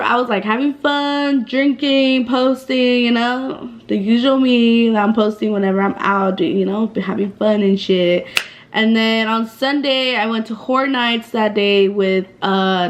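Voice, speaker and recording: A woman in her twenties telling a casual storytime vlog in a chatty, slangy way, with lots of fillers and swearing. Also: a little high. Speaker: vlogger.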